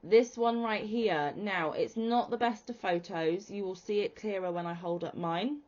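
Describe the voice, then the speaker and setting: A woman's voice: lowish voice, moderate pace, a little mellow, lo-fi sound. A British woman hosting a crochet podcast, talking in a chatty, enthusiastic, rambling way. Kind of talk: casual chat.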